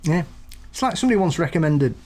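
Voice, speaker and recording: A man's voice: on the high side, very animated, fast, darkish tone. A man co-hosting a podcast in casual chat, telling anecdotes, laughing often. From England. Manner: chatty, laughs often, acts out voices in anecdotes. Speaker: podcast co-host.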